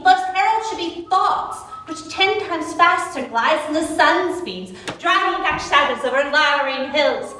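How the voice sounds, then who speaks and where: An eager young girl in love, impatient and pleading, played by a woman on stage. The voice is very high. It is caught from far away on a camera mic, with heavy echo and a faint hiss. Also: sharp tone, exaggerated voice. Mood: restless. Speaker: stage actor. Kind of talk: live outdoor Shakespeare performance. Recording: echoey, distant camera mic, faint noise.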